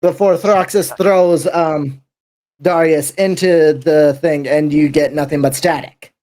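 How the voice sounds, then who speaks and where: A man's voice: on the high side, steady tone, takes it slowly, warm tone. A man narrating a tabletop game as game master, rambling with many fillers.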